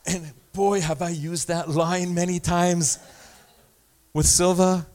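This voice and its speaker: A man's voice: high voice, level tone, takes it slowly, darkish tone. A man preaching a sermon as pastor, talking in a conversational way with self-deprecating asides and small stories.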